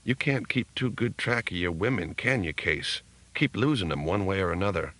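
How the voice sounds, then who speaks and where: A man voicing an artificial intelligence that speaks through a languid pimp, in a slow, drawling, teasing way. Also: low voice, animated, a bit bright. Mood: mocking drawl.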